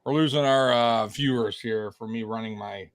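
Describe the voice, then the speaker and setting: A man's voice: medium pitch, normal speed, no echo. Man, podcast co-host, rambling casual commentary, repeats himself, dry sound. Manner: chatty, rambling, self-repeating with frequent laughs. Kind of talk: casual live fight commentary.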